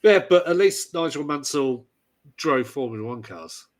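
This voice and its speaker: A man's voice: a little high, animated, normal speed. A man with a Midlands accent co-hosting a podcast in casual chat, rambling and hesitant with jokey asides. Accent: English Midlands. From English Midlands. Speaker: podcast co-host.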